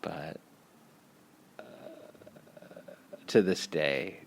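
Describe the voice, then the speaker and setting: Guy with a raspy gravelly voice telling a story slow, swearing a lot and laughing. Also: very deep voice, a little hiss or hum. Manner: profane, laughing, animated. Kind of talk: casual spoken storytelling.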